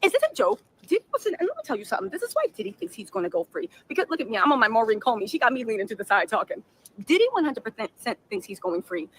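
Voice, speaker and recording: A woman hosting a live reaction stream, giving sassy, animated commentary and reading out viewer messages. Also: high-pitched, a little hiss or hum, rough recording. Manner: sassy, fast-talking, mimics people she describes. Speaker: livestream host reacting to trial news.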